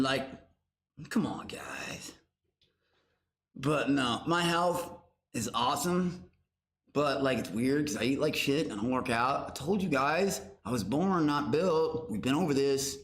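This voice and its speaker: A young man hosting a livestream from his garage, loud and profane, shouting out names from chat. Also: mid-range voice. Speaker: livestream host. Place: home garage. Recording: roomy garage echo.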